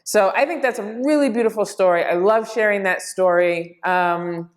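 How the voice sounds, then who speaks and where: Brief: woman in her forties, mid-pitched, relaxed storyteller, reflective and conversational. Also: moderate pace. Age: 40s. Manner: conversational, reflective, animated in retellings. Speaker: speaker. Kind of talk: personal storytelling.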